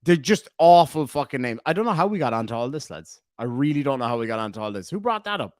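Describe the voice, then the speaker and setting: A man's voice: medium pitch, fast, no echo, clean studio sound. A man in his forties, from Ireland, casually chatting on a livestream, reading out chat and joking with plenty of swearing. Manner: animated, swearing, joking asides. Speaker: streamer reading live chat.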